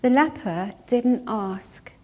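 A woman preaching a sermon, retelling a story in a measured way and slowing down to stress key words. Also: on the high side, animated, a little mellow.

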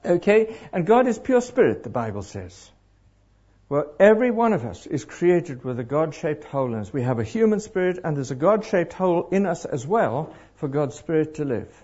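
A middle-aged man preaching to a congregation, animated and throwing questions out to the crowd. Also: fairly high pitch, moderate pace, slightly rough. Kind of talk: interactive sermon. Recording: dull lo-fi live recording.

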